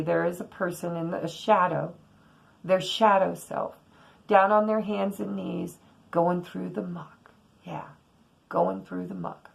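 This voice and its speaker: A woman reads tarot cards and talks her listeners through their signs in an earnest, blunt way, with a casual curse now and then. Her voice sits a little low and has a gravelly texture. She speaks slowly, taking her time. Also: rough recording. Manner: earnest, blunt, spiritual pep talk with casual swearing. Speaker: tarot reader. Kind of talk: casual tarot reading monologue.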